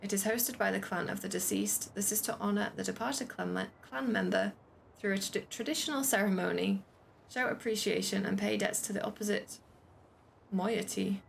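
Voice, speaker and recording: A woman's voice: medium pitch, moderate pace, creaky, a little hiss or hum. A woman streaming a game, chatting casually, laughing often, and reading on-screen text aloud.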